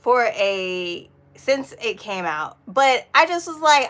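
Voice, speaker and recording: Bright-voiced chatty woman streamer. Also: fairly high pitch, big pitch swings, slow, hardly any pauses. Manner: rambling, swears casually, laughs often. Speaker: vlogger. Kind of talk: casual live-stream chat.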